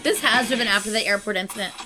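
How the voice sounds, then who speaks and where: A woman hosting a casual live music reaction, excitable and chatty, laughing often and saying "like" a lot. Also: medium pitch, racing.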